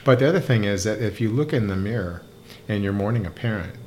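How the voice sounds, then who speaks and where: An older man, a rabbi co-hosting a podcast, speaking reflectively and haltingly, often repeating words as he thinks. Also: lowish voice, a little mellow, slight background noise. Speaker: rabbi and co-host. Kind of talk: conversational podcast discussion.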